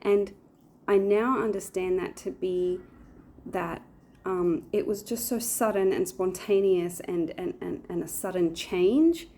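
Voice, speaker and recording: A woman's voice: mid-range voice, measured pace, dark tone. A woman in her forties chatting casually to camera in a rambling way, with lots of fillers. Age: 40s. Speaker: vlogger. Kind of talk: casual chat.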